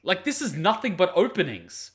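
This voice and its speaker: A man's voice: sits high, sing-song, normal speed, a bit bright. A man hosting an anime reaction video, giving blunt, profane, mocking commentary on the fight.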